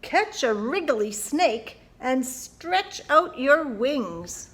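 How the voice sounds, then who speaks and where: A woman's voice: sits high, sing-song, drawn-out words, a bit bright. A woman librarian hosting a family storytime, reading a picture book and leading children in playful actions and bird sounds.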